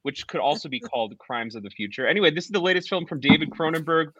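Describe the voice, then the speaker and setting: A man's voice: on the high side, animated, quick pace, bright, forceful tone, no echo, highs cut off. A man co-hosting a podcast, giving a rambling, sarcastic movie review in casual chat. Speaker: podcast co-host.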